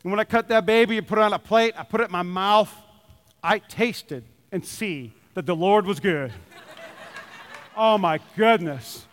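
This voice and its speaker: Male pastor, very high and bright voice, passionate repetitive preaching in a church with long reverb. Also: moderate pace. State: sweaty. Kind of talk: sermon. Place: church sanctuary.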